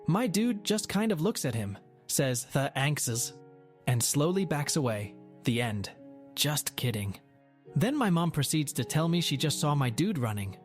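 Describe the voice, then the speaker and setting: A man's voice: on the high side, very animated, moderate pace, soft background music. A man narrating a Reddit post aloud in a wry, sardonic manner.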